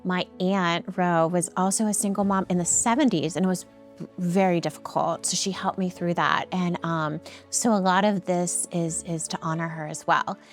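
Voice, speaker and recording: A woman with a slightly low voice speaks as an interview guest. She tells her story earnestly, pausing often with ums and restarting her sentences. Soft music plays faintly underneath. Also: steady tone. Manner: halting, with frequent ums and restarts; earnest, heartfelt. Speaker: nonprofit founder and guest.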